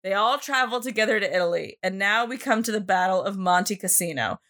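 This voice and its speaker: A woman hosting a podcast, telling a history story in a casual, animated way, with lots of fillers and some swearing. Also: mid-range voice, a little fast.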